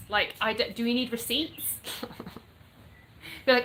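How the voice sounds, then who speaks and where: Bright-voiced British woman answering comments. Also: fairly high pitch, measured pace, pauses often, slight background noise, low-quality recording. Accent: mixed English. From born in the US, raised in England. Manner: frank, chatty, reads questions then answers. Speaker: content creator answering viewer comments. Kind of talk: casual live chat reading comments aloud. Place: home in North Florida.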